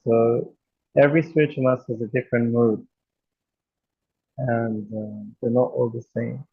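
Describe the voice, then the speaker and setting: A man from Australia talks in a loose, rambling way, leaning on filler words as he shares a story in a class discussion. His voice is gravelly and husky. The recording is dry and slightly dull. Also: medium pitch, steady tone, moderate pace, no room sound. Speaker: devotee sharing experience.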